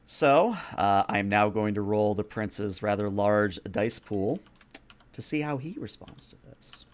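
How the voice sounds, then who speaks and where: A man running a tabletop game as game master, narrating calmly and calling for rolls. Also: on the low side, measured pace.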